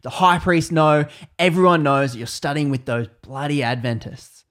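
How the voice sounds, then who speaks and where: An alarmed friend scolds and warns in a raised voice, as a man acts him out. He is agitated and upset, and his words come out in sharp bursts. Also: fairly high pitch, normal speed, natural voice. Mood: angry, worried. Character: angry worried male friend.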